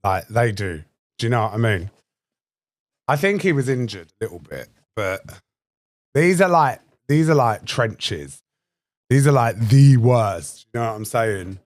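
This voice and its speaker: A man's voice: mid-range voice, big pitch swings, a little slow, no room sound, studio quality. A man trading brash, sweary, mocking insults during a livestream battle. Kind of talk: taunting livestream banter.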